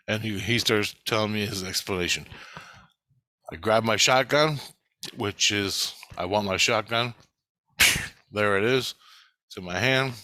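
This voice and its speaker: In this vlog, a man rambles through his personal spiritual experiences, swearing freely, restless, constantly restarting and self-correcting. His voice is on the low side, bright and forceful, with no echo.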